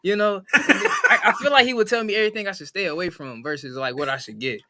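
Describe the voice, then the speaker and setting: A man's voice: sits high, fast talker, sharp tone, dry recording, clean studio sound. A man co-hosting a casual podcast, laid-back and chuckling as he talks. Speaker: podcast co-host. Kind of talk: casual chat.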